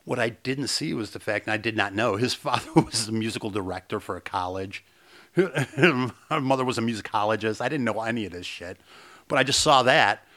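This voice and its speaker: A man co-hosting a podcast in casual chat, excitable and profane, laughing often. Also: fairly low pitch, a little fast. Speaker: podcast co-host.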